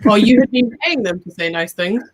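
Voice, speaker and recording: A woman's voice: mid-range voice, expressive, fairly quick. A woman pouring whisky at clubs, teasing her colleagues in a hesitant way full of fillers, talking over a video call. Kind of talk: casual livestream chat.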